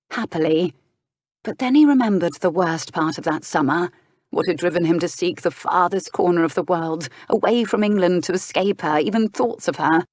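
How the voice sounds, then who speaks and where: Low-voiced woman narrating a romance. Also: moderate pace, darkish tone, no room sound. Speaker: audiobook narrator.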